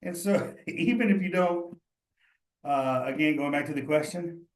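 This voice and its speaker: With a fairly high voice and a slightly slow delivery, a man runs a live study session as a cheese instructor. He reasons aloud and encourages his students in a chatty, direct way, and the sound has a roomy echo.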